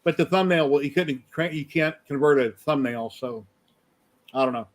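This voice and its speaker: A man hosting a casual live stream chat, telling rambling stories. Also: fairly high pitch. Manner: quick, rambling storyteller. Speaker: show host.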